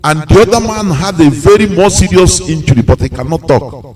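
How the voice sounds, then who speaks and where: A man's voice: on the high side, fairly quick, darkish tone, low-quality recording. A man with a Nigerian English accent giving a live radio talk, lecturing and acting out the voices of the people he quotes. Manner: preachy, acts out quoted voices, laughs often. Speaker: radio presenter.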